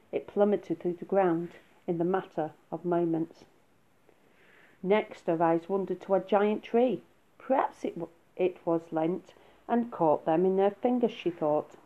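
A woman reading a children's story aloud in a soft, unhurried way. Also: on the low side. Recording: phone-like narrow sound.

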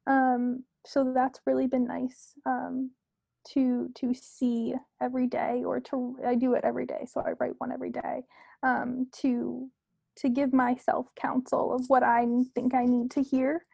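Husky high-voiced woman, reflective. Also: monotone, a little slow, no room sound, low-quality recording. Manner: reflective, earnest, with frequent fillers and soft asides. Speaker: podcast guest. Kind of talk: casual podcast chat.

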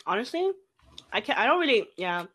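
A woman's voice: on the high side, sing-song, brisk, a bit bright. A young woman chatting casually among friends, laughing often as she talks. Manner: giggly, breaks into frequent laughter.

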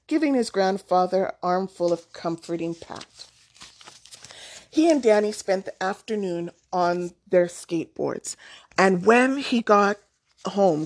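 Calm woman storybook narrator, very slow, deliberate delivery. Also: lowish voice. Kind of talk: storybook read-aloud.

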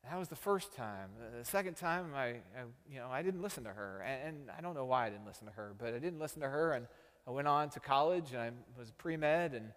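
A man's voice: mid-range voice, lively intonation, fairly quick, a bit bright, long reverb tail. A man from Texas, a pastor telling a story in a sermon with self-deprecating humor.

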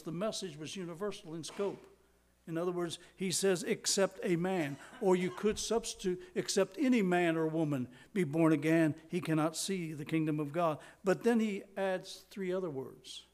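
Older guy preaching a sermon, kinda high voice, slows way down and whispers for effect. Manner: dramatic preaching, slows for emphasis, drops to a whisper.

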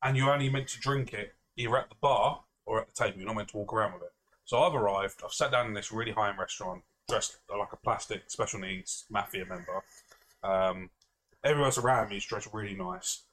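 A man's voice: on the low side, brisk, fairly bright tone. A man, a podcast co-host, telling a rambling self-mocking story in casual chat, swearing freely and laughing often.

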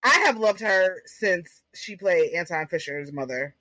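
A young woman co-hosting a podcast in casual chat, animated and storytelling. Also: a little slow, no echo, rough recording. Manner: animated storyteller, jumps high when quoting. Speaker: podcast co-host.

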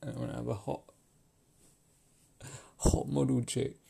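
A man's voice: medium pitch, level tone, a little slow, vocal fry, long pauses, dark tone, slightly rough. A man ranting in a rambling, profane monologue, laughing often and repeating himself.

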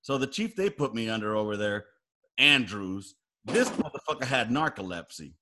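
A man telling army stories in casual chat, animated and profane, acting out loud quotes. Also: medium pitch, moderate pace, noisy background. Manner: animated storyteller, heavy swearing, acts out quotes loudly.

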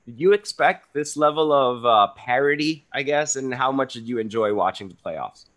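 A man's voice: medium pitch, moderate pace, fairly bright tone. A man hosting a podcast, giving upbeat, hype-style introductions and chatting casually with his guest. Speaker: podcast host.

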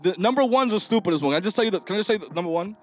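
A man hosting a casual podcast chat, telling loud, laughing stories and acting out the people in them. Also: high-pitched, racing. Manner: animated storyteller, laughing, acting out voices. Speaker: podcast host.

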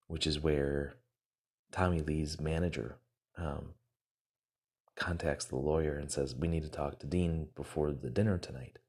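A man's voice: extremely low pitch, darkish tone. A man casually retelling a success story to motivate his listeners, acting out the quoted lines and using many fillers.

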